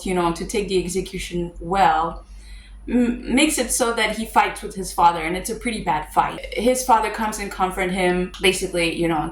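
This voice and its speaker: A woman's voice: lowish voice, slight background noise. Chatty woman reviewing a movie, roomy echo. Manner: chatty, with fillers and wry asides. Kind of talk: casual movie breakdown.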